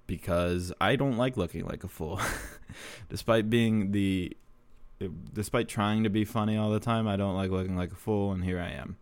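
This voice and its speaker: A man's voice: on the low side, fairly even intonation, moderate pace, clear, resonant tone, no room sound. A young man telling rambling, profane stories in a casual monologue, laughing often. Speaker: show promoter telling stories.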